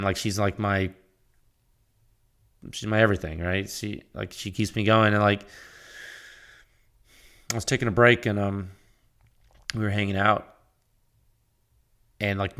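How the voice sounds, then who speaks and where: A young man hosting his own podcast, talking casually and warmly to listeners with frequent restarts and fillers. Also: lowish voice, vocal fry. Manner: rambling, heartfelt, with many restarts and fillers. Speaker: podcast host. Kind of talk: casual solo podcast talk.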